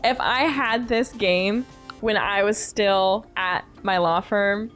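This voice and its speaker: A woman's voice: mid-range voice, slow, fairly bright tone, soft background music. A young woman gaming streamer giving casual, earnest commentary, rambling and openly emotional.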